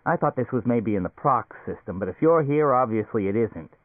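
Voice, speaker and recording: A man's voice: medium pitch, expressive, fairly quick, no room sound, natural voice. A man voicing an impatient, anxious stranded businessman in an audiobook, raised and urgent, over a tinny, phone-like recording. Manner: gruff, irritable, urgent.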